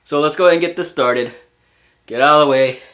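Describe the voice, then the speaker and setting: A man's voice: a little high, fast talker, a bit bright, slight background noise. A young man with a stuffy, allergy-clogged nose, casually rambling through a movie review with lots of fillers and restarts. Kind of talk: casual spoken film review.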